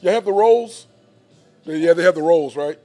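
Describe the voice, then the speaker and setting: A man's voice: a little high, normal speed, warm tone, soft background music. A man hosting a show from a bar, telling stories in casual chat and laughing a lot. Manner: laid-back storytelling, laughs a lot. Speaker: podcast host.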